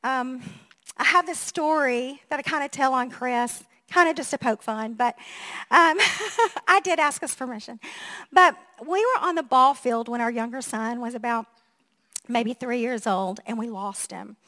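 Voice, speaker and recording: A woman pastor in her fifties, preaching a sermon in a chatty, animated storytelling way, laughing often and acting out what people said. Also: high voice, a little slow.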